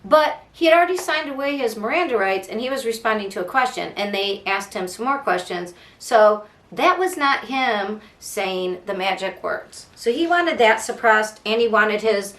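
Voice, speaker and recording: A woman's voice: medium pitch, animated, moderate pace, hardly any pauses, fairly bright tone. A woman hosting a casual true crime podcast, sarcastic and fired up, mocking and swearing as she talks. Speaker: podcast host. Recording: echoey room.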